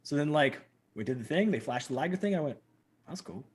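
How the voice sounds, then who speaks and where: Fast-talking husky man telling stories. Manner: animated, acts out quotes with big pitch jumps. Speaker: guest. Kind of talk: casual storytelling interview.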